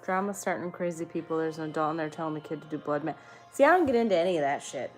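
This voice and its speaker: A woman's voice: low voice, animated, racing, faint music behind. Chatty young woman, swears freely. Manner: chatty, swears freely, answers chat comments. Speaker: live streamer chatting with viewers. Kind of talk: casual chat.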